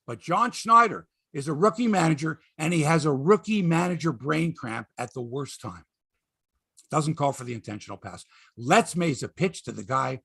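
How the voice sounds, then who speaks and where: A middle-aged man hosting a sports podcast, ranting in an exasperated, emphatic way, swearing for emphasis and swinging between loud outbursts and low mutters. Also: creaky, breathy edge. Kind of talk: ranting sports commentary monologue.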